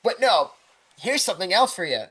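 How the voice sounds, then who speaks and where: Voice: medium pitch, big pitch swings, a little fast, fairly bright tone, slightly rough, low-quality recording. A podcast co-host ranting about baseball in casual sports talk, swearing heavily.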